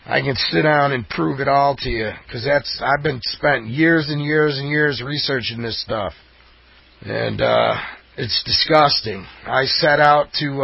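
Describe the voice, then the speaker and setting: A man's voice: a little high, gravelly, breathy edge, dry recording. A man delivering a fired-up, rambling monologue as host, emphatic and insistent. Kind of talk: impassioned conspiracy monologue. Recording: dull lo-fi audio.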